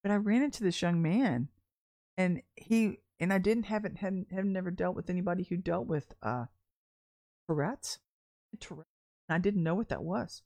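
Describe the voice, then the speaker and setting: A woman's voice: lowish voice, moderate pace, dark tone. Woman, deliverance minister, candid, chatty sermon, frequent laughter. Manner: candid and chatty, laughing often, acting out quoted voices. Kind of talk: sermon with personal storytelling.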